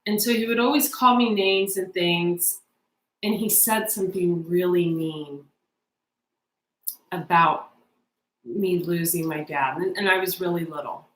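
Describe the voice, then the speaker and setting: A woman's voice: fairly low pitch, measured pace, pauses often, fairly bright tone, reverberant, poor audio. Chatty emotional woman reading tarot. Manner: chatty, emotional, talks straight to viewers. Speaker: tarot reader. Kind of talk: casual tarot reading with personal storytelling.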